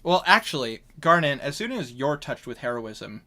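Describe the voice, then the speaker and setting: A man runs a tabletop game as dungeon master over voice chat. He is congested and coughs, and he keeps stopping to correct himself mid-sentence. His voice sits at an ordinary pitch. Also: sing-song, moderate pace, sharp tone.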